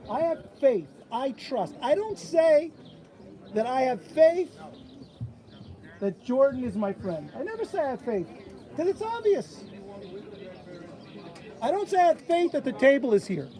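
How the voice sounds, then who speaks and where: A man's voice: extremely high pitch, measured pace, pauses often. A man giving a sermon at a bat mitzvah, telling stories and acting out the voices of people he quotes. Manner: animated storyteller who acts out quoted voices. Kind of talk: sermon with storytelling. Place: outdoors at an old stone wall. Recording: outdoor crowd noise.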